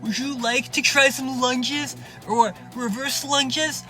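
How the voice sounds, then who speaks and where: A man voicing an overly polite AI fitness assistant that offers workout suggestions in a slow, sugary tone. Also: very high voice, fairly even intonation, bright, forceful tone, soft background music, pitched above the performer's own voice, exaggerated voice.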